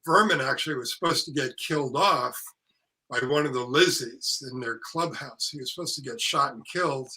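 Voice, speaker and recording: Older man, very bright edgy voice, casual storytelling, lively, salty language, voices the people in his stories. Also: medium pitch, normal speed, rough recording. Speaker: actor and author, podcast guest.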